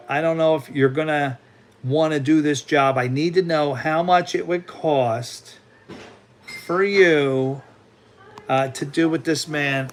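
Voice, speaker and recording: Playful, excitable man hosting a livestream, a touch high-pitched. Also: slight background noise. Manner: excitable, playful, keeps calling on his sidekick. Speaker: livestream host. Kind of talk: casual livestream chat.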